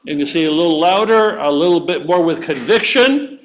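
A man with a fairly high voice leads a church group through a memory verse, repeating lines and coaxing everyone to join in. The recording sounds dull and lo-fi. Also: brisk. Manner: encouraging, repeats and coaxes listeners to join in. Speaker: church teacher leading children. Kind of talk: teaching a memory verse to a congregation.

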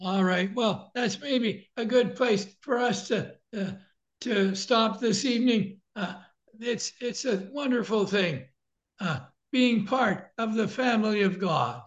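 A man preaching a sermon in short measured sections, pausing for an interpreter. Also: high-pitched. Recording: dull lo-fi recording.

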